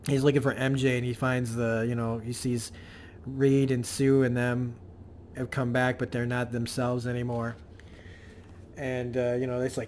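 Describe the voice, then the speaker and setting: A man's voice: medium pitch, little pitch movement, moderate pace, darkish tone, slight background noise. A man casually recapping a comic book issue, rambling loosely with many fillers and restarts.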